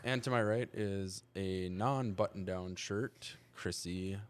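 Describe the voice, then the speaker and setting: A man's voice: low voice, takes it slowly. A man hosting a casual podcast chat with his co-hosts, leading the talk in a playful, teasing way. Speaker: podcast host.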